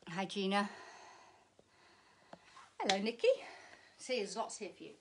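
A woman's voice: medium pitch, a little slow, distant mic, a little hiss or hum. A woman teaching a live online fitness class, chatty and encouraging, joking as she works out and slightly out of breath. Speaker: pilates instructor.

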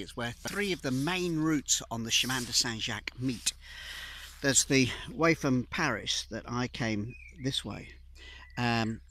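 Presenting his long cycling pilgrimage with travel video clips, a man tells upbeat stories that poke fun at himself in a chatty, playful manner. His mid-range voice sounds bright and forceful. Slight background noise can be heard.

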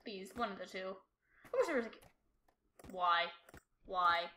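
A woman's voice: medium pitch, lively intonation, a little slow, bright, forceful tone, roomy sound, a little hiss or hum. A woman giving jumpy commentary while playing a horror game, talking to herself and repeating short exclamations. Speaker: gameplay streamer.

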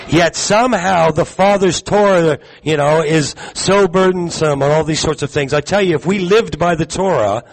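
A man giving a live sermon to a congregation, talking conversationally, putting questions to the room and filling pauses with ums. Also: fairly high pitch, poor audio. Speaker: teacher at a congregation gathering. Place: gathering hall with audience.

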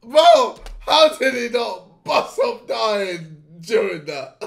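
Gravelly young man laughing. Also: very high voice, wildly swooping pitch, slow pace, faint music behind. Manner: bursts into loud laughter and shouted reactions. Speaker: YouTuber reacting to clips. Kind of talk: casual reaction commentary.

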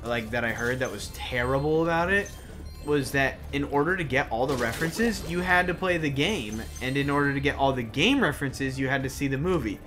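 A young man playing a video game with a friend, cracking crude jokes and tossing in quick remarks. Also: mid-range voice, fairly bright tone, faint music behind. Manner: crude, joking, quick interjections. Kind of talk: casual let's play banter.

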